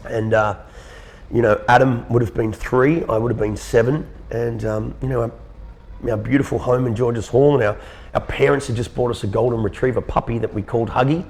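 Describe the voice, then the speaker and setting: Aussie bloke, 30s, raspy fry in the voice, talks slow and earnest, stumbles over words a lot. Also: male voice, medium pitch, fairly even intonation, a little mellow. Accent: Australian. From Australia. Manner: earnest, halting, repeats words. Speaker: interview guest. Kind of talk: personal storytelling.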